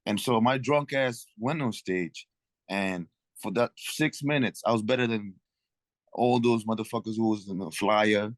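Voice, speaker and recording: A man's voice: fairly low pitch, a little slow, no room sound. A man from Africa, a guest comedian, chatting casually in a laid-back way with frequent swearing. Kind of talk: casual chat.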